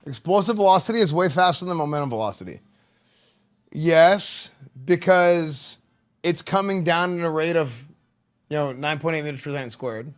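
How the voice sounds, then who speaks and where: A male streamer talks through clips in a relaxed, rambling way. His voice sits a bit on the high side, and he fills his sentences with "like" and "dude". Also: moderate pace. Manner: loose, rambling, says "like" and "dude" a lot. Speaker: livestreamer reacting to clips. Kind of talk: casual chat.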